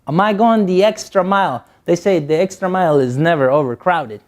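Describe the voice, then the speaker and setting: A man's voice: high voice, a little fast. A young man from Guatemala with a Guatemalan Spanish accent, giving a motivational speech to young people, joking and acting out voices as he tells stories. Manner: joking storyteller, acts out voices. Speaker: motivational speaker.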